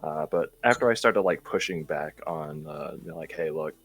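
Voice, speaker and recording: A man's voice: extremely low pitch, normal speed, fairly bright tone. A man talking as a podcast guest, plain-spoken and matter-of-fact. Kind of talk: casual podcast chat.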